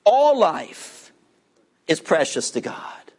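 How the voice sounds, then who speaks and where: A man preaching a sermon as pastor, reading scripture and explaining it, raising his voice for emphasis and dropping to quiet asides. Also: on the high side, wildly swooping pitch, takes it slowly. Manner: reads scripture aloud with commentary.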